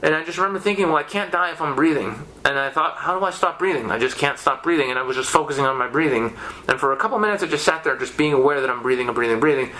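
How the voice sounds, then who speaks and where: A man's voice: fairly high pitch, very fast. A young man on a podcast, casually telling a story with constant swearing and lots of restarts. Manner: profane, animated, many restarts. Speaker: podcast guest.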